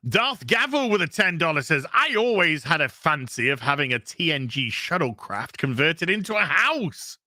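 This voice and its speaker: A man's voice: fairly high pitch, big pitch swings, normal speed, few pauses, pushed and bright, no echo, clean studio sound. A man hosting a casual live stream, reading out donations and thanking viewers in a loose, crude, jokey way.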